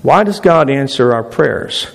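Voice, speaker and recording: A man's voice: mid-range voice, animated, unhurried, gravelly. A man preaching a sermon as pastor, speaking emphatically and repeating phrases for stress. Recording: long hall reverb.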